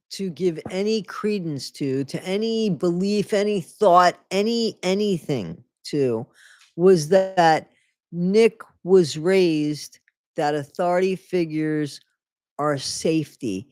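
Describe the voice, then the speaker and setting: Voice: medium pitch, slow, a little mellow, no echo, clean studio sound. Sarcastic reader with mocking asides. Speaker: channel host reading a memoir aloud. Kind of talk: book reading with sarcastic commentary.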